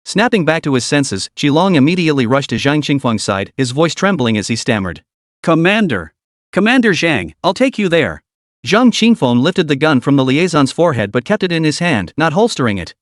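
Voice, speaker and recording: A man narrates a dramatic story with a lively, animated pitch. His voice sits a little high. The recording is dry and close. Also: brisk, few pauses, dry recording.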